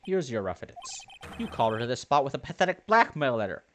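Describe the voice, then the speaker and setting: A woman voicing a cool, haughty male prosecutor in a cold, measured, lowered voice. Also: sing-song, slight background noise.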